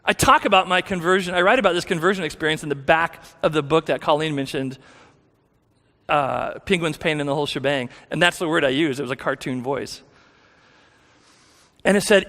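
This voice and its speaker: A man's voice: on the high side, brisk, a bit bright. A man giving a candid, self-deprecating personal testimony as a guest speaker in a church, with many restarts. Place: church sanctuary. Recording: long hall reverb.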